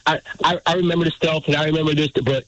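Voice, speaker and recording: A man's voice: a little high, steady tone, quick pace, a bit bright, no room sound. A middle-aged man, a military veteran, calls in to a radio show and earnestly tells a story that moves him. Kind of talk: phone-in call. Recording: muffled phone-line call.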